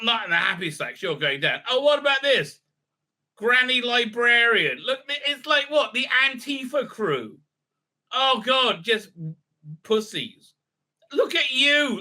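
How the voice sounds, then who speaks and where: Very bright-voiced man rambling a review. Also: very high-pitched. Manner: rambling, mocking, many fillers. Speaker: video reviewer. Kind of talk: casual review commentary.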